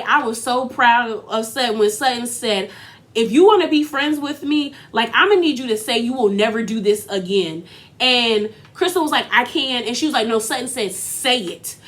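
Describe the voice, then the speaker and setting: In her casual recap commentary, a reality TV commentator speaks in a slightly high voice with a sassy, slangy delivery. She's animated, performing the quotes as she retells events.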